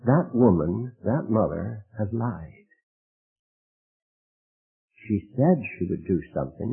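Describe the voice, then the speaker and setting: A man preaching a sermon, emphatic and rising to loud, high exclamations. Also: expressive, slow pace, vocal fry, long pauses. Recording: tinny phone-like radio broadcast.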